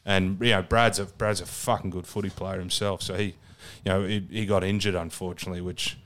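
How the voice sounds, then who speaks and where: A man's voice: sits low, flat delivery, brisk, a bit bright. An Australian man co-hosting a podcast, chatting about rugby in a blunt, sweary, enthusiastic way. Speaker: podcast co-host. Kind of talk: casual rugby chat.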